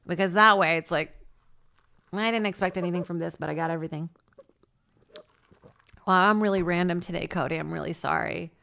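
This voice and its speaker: A woman's voice: on the low side, steady tone, brisk, vocal fry, long pauses. A woman comedian from Brazil, podcast host, chatting in a rambling comedic monologue into a studio mic, swearing and jumping between topics. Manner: chatty, swearing, jumps between topics with sudden loud squawks. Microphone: studio mic on a stand.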